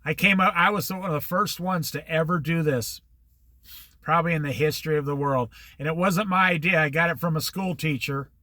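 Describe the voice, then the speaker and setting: An older man with a slightly high, bright, pushed voice tells a long, rambling personal anecdote at a brisk pace, in a recording with no echo. In this casual storytelling monologue, he acts out the back-and-forth of old conversations.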